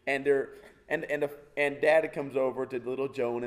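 A man's voice: mid-range voice, fairly even intonation, normal speed. A male preacher giving a conversational sermon, asking his congregation rhetorical questions, making jokey asides and often restarting his sentences.

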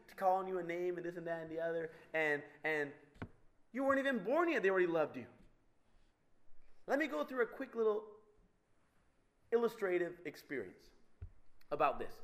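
A man giving a humorous storytelling talk to an audience, animated and acting out the voices of the people in his stories. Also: fairly high pitch. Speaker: speaker addressing an audience.

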